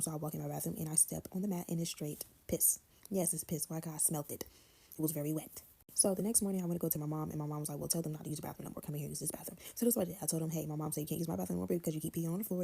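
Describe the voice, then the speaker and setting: Low, gravelly young woman telling a story. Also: warm tone. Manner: slangy, offhand, quotes others. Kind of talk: casual storytime.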